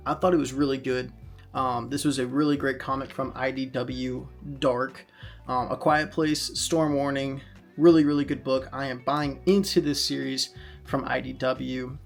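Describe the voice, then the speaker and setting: A man's voice: medium pitch, flat delivery, a little fast, gravelly, faint music behind. A man casually reviewing comic books in a chatty vlog, recapping plots with fillers along the way.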